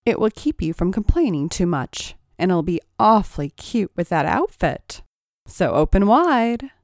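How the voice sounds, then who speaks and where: A domineering young woman, stern and commanding, as a woman narrator plays her. She speaks in a low, slow, deliberate voice with an expressive swing in pitch. The sound is dry and close to the mic. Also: no echo. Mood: teasing. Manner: commanding, threatening.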